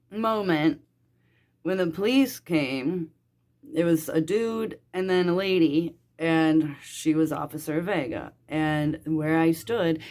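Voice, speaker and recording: A young woman vlogger with a low, darkish voice tells a personal story in a rambling, casual way. Her speech is full of fillers like "like" and "dude," and she swears a lot.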